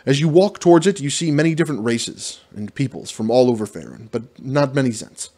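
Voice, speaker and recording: A man reading a solo fantasy adventure aloud as dungeon master, in an ordinary mid-range voice. He trips over the fantasy names and laughs at himself in quick asides. The reading itself is steady and plain. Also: medium pitch. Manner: self-deprecating, stumbles over fantasy names.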